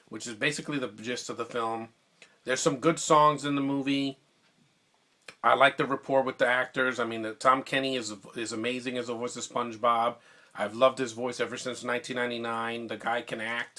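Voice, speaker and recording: A man talking casually into a phone mic, giving a rambling, excitable movie review full of restarts. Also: mid-range voice.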